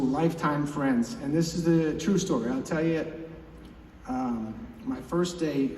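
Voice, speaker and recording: A middle-aged man giving a commencement speech, sincere and emotional, halting and repeating himself. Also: medium pitch, dark tone. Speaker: commencement speaker. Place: large ceremony venue with an audience. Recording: echoey hall, distant mic, crowd noise.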